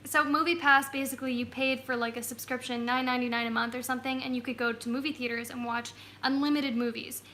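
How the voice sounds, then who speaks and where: A woman's voice: sits high, fairly even intonation, quick pace, few pauses, pushed and bright, slight background noise. A woman hosting a casual travel live stream from home on a phone, bubbly and giggly. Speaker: travel vlog host.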